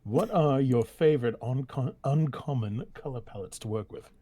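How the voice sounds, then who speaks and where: A man's voice: medium pitch, expressive, moderate pace, dark tone, husky. A man co-hosting a live stream, throwing in dry, teasing quips and reading out questions. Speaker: co-host.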